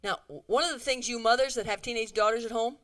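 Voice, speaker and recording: Middle-aged woman speaker, lively church talk, brightish higher voice, acts out little scenes. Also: quick pace. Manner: animated, acts out quoted dialogue, chatty asides. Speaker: women's conference speaker. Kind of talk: humorous talk to a church audience.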